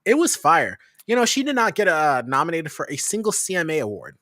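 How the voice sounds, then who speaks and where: A woman from Nebraska co-hosting a casual livestream talk show, animated and quick to laugh. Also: low voice, dry recording, studio quality. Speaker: podcast co-host.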